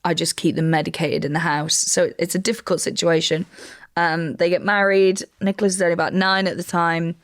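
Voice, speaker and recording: A woman's voice: on the low side, flat delivery, brisk. A woman comedian co-hosting a podcast, recounting a true crime story step by step with wry asides. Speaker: comedian co-host.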